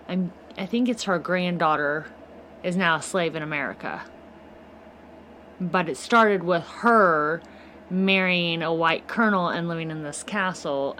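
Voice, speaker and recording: A woman's voice: fairly low pitch, a bit bright, slight background noise. A woman co-hosting a podcast, chatting casually and easily amused. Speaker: podcast co-host. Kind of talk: casual chat.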